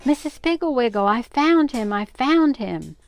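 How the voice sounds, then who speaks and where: A woman's voice: mid-range voice, lively intonation, unhurried, dry recording. A woman reading aloud and voicing an eager young farm boy in a storybook. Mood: excited.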